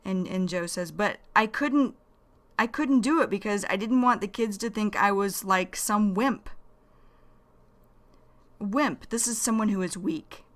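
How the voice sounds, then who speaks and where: Slow, bright-voiced woman teaching English. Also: medium pitch. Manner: slow, careful, repeats key phrases. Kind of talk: slow explanatory vocabulary lesson.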